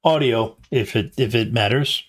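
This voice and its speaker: A mid-range male voice narrates a tabletop session as game master in front of a live convention crowd. He halts frequently, filling gaps with ums and restarting lines.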